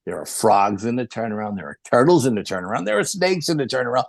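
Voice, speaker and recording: A man spins a yarn as a podcast guest, jumping into the voices of the people in his story. His voice is gravelly and rough, and the sound is close and dry with no room around it. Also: medium pitch, fast, no room sound. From New York. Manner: animated, acts out the voices of people in his stories. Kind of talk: storytelling in a casual interview.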